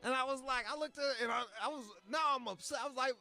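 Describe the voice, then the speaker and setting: A man's voice: very high-pitched, fairly even intonation, fast talker, gravelly, bright, forceful tone, faint music behind. A man from Michigan telling a long, profane story in casual chat, full of asides and acted-out quotes. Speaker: podcast host.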